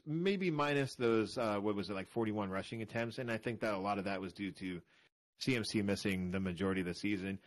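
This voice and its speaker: A man co-hosting a casual fantasy football podcast, rambling and correcting himself as he walks through numbers, a little tired. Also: mid-range voice. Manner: rambling, self-correcting, talks through stats. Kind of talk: casual chat.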